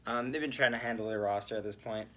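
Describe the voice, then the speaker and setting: A man with a bright, forceful voice talks through a hockey game on his podcast. He rants and swears in animated bursts, then settles back into casual chat. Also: lowish voice, fast talker. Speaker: podcast host. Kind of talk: solo hockey game reaction.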